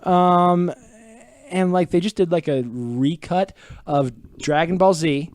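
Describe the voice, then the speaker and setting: A man with a fairly high voice runs a casual comedy chat and steers his friends through jokes and bits. His delivery is playful. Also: slow pace, a little mellow.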